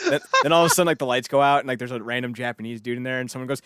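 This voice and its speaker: A man co-hosting a podcast in casual chat, animated and riffing with silly voices between laughs. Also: medium pitch, fast talker, clear, resonant tone, dry recording, clean studio sound. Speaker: podcast co-host.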